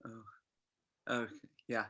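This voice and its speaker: A man reading the part of a distracted grieving son, halting in an amateur script reading. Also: sharp tone.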